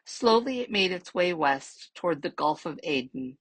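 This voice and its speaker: A woman reading a children's novel aloud as a library storyteller, steady and measured, with soft trailing endings. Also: lowish voice, breathy edge, no room sound, rough recording.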